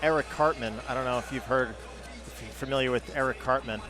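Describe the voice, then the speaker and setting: A man's voice: medium pitch, quick pace, over music, crowd noise. A man chatting casually and joking as a guest at a bowling trade show. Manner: joking, relaxed. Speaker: pro bowler, guest. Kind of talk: casual chat. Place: trade show floor, outdoors.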